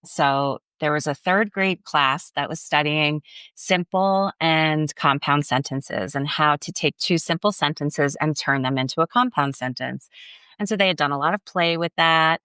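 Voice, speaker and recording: A woman's voice: sits low, pushed and bright, clean tone, no echo, clean studio sound. A woman speaking as a literacy expert guest in a podcast interview, explaining with enthusiasm.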